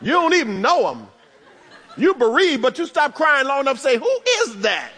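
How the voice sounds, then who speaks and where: A man preaching a sermon, animated, with humorous asides and bursts of shouting. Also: extremely high pitch, fairly quick, big-room sound, a little hiss or hum. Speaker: pastor.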